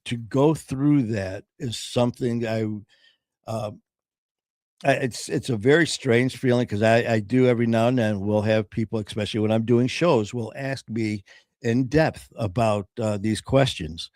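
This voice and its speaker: An earnest man tells his own story in casual talk, pausing and restarting as he goes. His voice sits in a middle register and is recorded with a dry, close sound. He voices the people he quotes in his own voice. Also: mid-range voice, fairly even intonation, darkish tone, no echo. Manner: earnest, halting, often pausing with "um".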